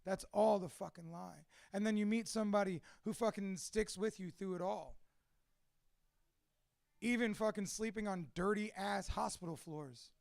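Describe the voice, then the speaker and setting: Man, high voice, raspy fry, candid swearing monologue, dry close sound. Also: normal speed, a little mellow, no room sound. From Cuban family. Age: adult with two children. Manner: profane, blunt, emotional storytelling. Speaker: interviewee telling his life story.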